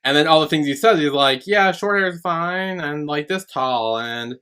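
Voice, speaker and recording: A man's voice: on the high side, moderate pace, bright, forceful tone, clear, resonant tone. A man co-hosting a podcast, casually retelling a TV episode and quoting the characters. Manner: retells scenes with quoted lines, many "like" and "um". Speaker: podcast co-host. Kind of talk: casual recap chat.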